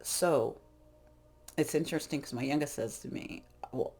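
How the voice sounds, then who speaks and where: A middle-aged woman talks through a tarot session in a loose, frank, rambling way. Her voice sits low with a gravelly, fried edge. She often breaks off and restarts her sentences. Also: normal speed, a little mellow. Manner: rambling, frank, self-interrupting. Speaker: tarot reader. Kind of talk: casual spiritual talk.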